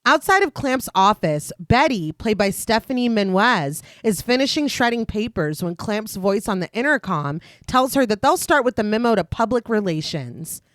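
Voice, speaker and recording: A woman's voice: mid-range voice, moderate pace, hardly any pauses, no echo. A young adult woman co-hosting a horror podcast, reading out a film recap with frequent laughing asides. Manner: laughs often, animated asides. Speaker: podcast co-host.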